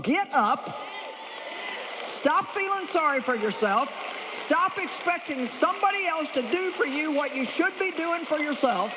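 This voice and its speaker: A woman's voice: high voice, expressive, measured pace, background noise. Brief: candid, punchy woman preacher, live in a big echoing hall. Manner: blunt, humorous, chuckles often. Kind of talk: lively sermon. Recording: echoey large hall.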